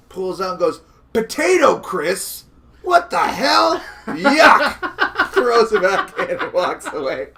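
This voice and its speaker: This man co-hosts a casual podcast and tells his stories in a joking, animated way, with some swearing along the way. His voice sits a little high for a man. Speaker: podcast co-host. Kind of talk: casual chat.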